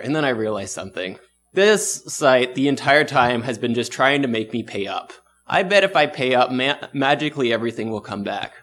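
A man's voice: medium pitch, lively intonation, moderate pace, a bit bright. A young man preaching a casual, conversational sermon, telling a story against himself and laughing at his own mistakes.

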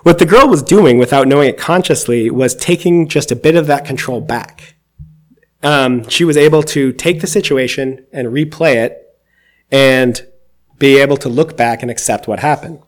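A man's voice: medium pitch, moderate pace. A man giving a conversational, reflective sermon, reading scripture aloud and explaining it with occasional fillers. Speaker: preacher.

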